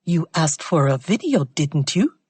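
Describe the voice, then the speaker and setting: Woman putting on a Jamaican accent, throaty, mocking, low, dry audiobook sound. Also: sing-song, unhurried, a little mellow, slightly rough, no echo, heavily acted. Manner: mocking, taunting, calls others girlfriend.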